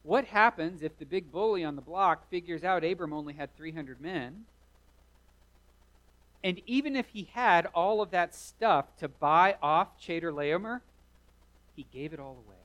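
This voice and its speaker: A man's voice: a little high, animated, measured pace, fairly bright tone, rough recording. A man preaching a sermon, retelling a story vividly with rising emphasis. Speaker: pastor.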